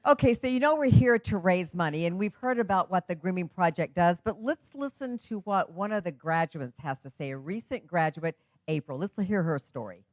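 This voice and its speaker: A woman's voice: fairly low pitch, expressive, moderate pace, a little mellow, dry recording. A woman hosting a live charity fundraiser and running the auction, upbeat and coaxing the bidders.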